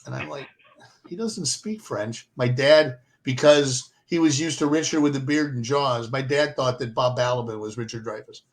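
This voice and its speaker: A man's voice: mid-range voice, fairly even intonation, moderate pace, hardly any pauses. An older man co-hosting a casual chat, telling stories with many fillers and restarts. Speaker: podcast co-host.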